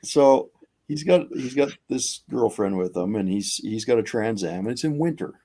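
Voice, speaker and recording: A man's voice: medium pitch, lively intonation, moderate pace, warm tone, breathy edge. A man co-hosting a casual podcast, telling a long story in a laid-back, rambling way. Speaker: podcast co-host.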